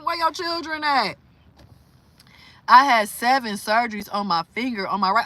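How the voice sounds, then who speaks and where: Bright, animated woman streaming live. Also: mid-range voice, moderate pace. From Louisiana. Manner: animated, exclamatory, incredulous, laughing often. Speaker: livestream host. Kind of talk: casual livestream chat.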